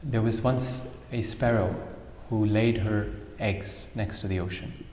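A man with a lowish, darkish voice speaks at a measured pace in a steady tone, with slight background noise. He's a spiritual speaker giving a sermon, animatedly telling a fable and dropping in Sanskrit terms. The recording comes from an echoey hall with long reverb.

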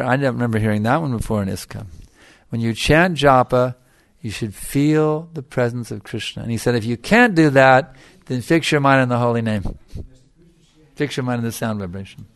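A man's voice: mid-range voice, normal speed, dry recording. A middle-aged man giving a devotional lecture as a spiritual teacher, emphatic and repeating his phrases for stress.

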